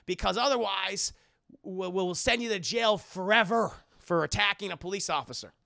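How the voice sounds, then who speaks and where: A man's voice: high voice, normal speed, vocal fry, sharp tone, dry recording, clean studio sound, full character voice. A man doing a smug, corrupt cop.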